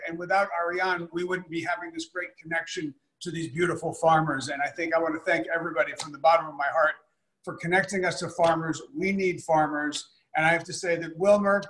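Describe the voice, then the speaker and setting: A chef on a video call, talking in an upbeat, effusive way. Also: male voice, high voice, a bit bright. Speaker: chef, guest. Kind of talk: casual video-call talk.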